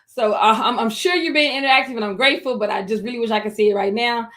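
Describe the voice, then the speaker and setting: Speaking over a computer microphone, a woman presents an online webinar for educators, addressing her audience directly and encouragingly. She slows down to stress key phrases, and her voice is a little high with a fairly bright tone.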